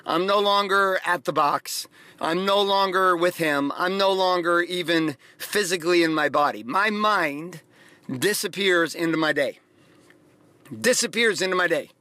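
Middle-aged male podcast host, bright and high, swearing and rambling through a motivational story. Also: measured pace, no room sound. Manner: profane, rambling, emphatic storytelling. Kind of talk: casual motivational monologue.

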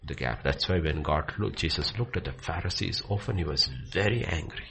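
A man teaching from the Bible with passion, dropping to hushed near-whispers and then rising to loud, excited bursts. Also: extremely low pitch, brisk, vocal fry, slight background noise. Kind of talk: impassioned preaching in conversation.

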